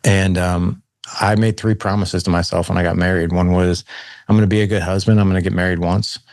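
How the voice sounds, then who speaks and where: A man's voice: low voice, level tone, brisk, a little mellow, dry recording, clean studio sound. A man in his forties, a podcast guest telling his life story in a casual way, using "man" and "like" often. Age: 40s. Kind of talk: storytelling in conversation. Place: Saint Louis.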